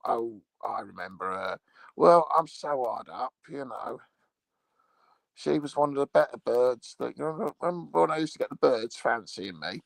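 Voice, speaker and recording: Guy playing a low gravelly english loudmouth, crude and rambling, dry close sound. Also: no echo, exaggerated voice. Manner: rambling, foul-mouthed, crude. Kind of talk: comic character monologue.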